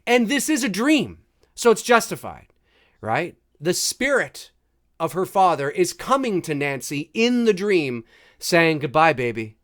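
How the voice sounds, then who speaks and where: Animated high-voiced man riffing on a movie. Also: unhurried. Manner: chatty, jokey, reacting with laughs and mock quotes. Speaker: movie commentary host. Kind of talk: casual live movie commentary.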